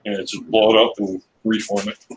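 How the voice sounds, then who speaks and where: A man co-hosting a casual live stream, chatty and quick to joke. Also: on the low side, big pitch swings, vocal fry, a little hiss or hum, low-quality recording. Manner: chatty and joking.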